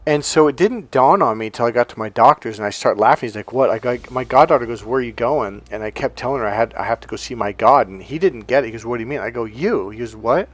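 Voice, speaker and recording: A man's voice: medium pitch, animated, fast talker, hardly any pauses. Man giving an emphatic coaching talk. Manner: storytelling, emphatic repetition. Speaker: life coach. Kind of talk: casual motivational monologue.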